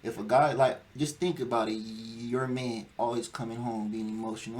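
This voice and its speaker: A man's voice: mid-range voice, steady tone, brisk, hardly any pauses, a little mellow. A young man in a casual talk show, making his case with emphasis and a lecturing push. His voice sits in an ordinary middle range. A faint hiss of background noise runs under the recording. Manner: emphatic, lecturing, acts out quoted whining. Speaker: podcast host. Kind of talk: casual chat.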